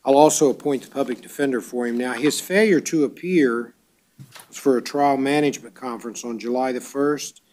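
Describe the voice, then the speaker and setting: A man presiding as judge at a court bond hearing, reading charges briskly and dropping dry wisecracks. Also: mid-range voice, a little mellow.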